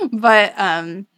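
A young woman co-hosting a casual podcast, retelling a manga with lots of swearing, laughter and quick quoted voices for the characters. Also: mid-range voice, noisy background. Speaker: podcast co-host recapping a manga. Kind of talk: casual chat. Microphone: no camera, audio only.

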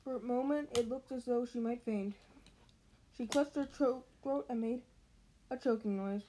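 Woman, reading a book aloud, casual, self-correcting, slightly high voice. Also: normal speed, warm tone, slight background noise, low-quality recording. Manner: casual, with slips and restarts. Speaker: reader.

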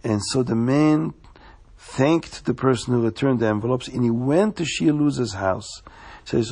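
A man telling a story, slowing down for suspense. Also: medium pitch, darkish tone, husky. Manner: slows down for suspense.

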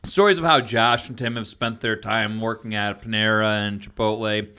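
A man's voice: fairly low pitch, moderate pace, clean tone. A man co-hosting a podcast, telling a story in casual chat with laughter and mimicry. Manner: laughing, animated storyteller who mimics voices. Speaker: podcast co-host and former teacher.

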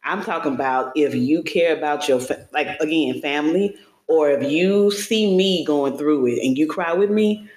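A woman's voice: low voice, moderate pace, reverberant. A woman co-hosting a podcast in casual chat, playful and joking as she tells stories. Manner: playful, joking, animated storytelling. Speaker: podcast co-host.

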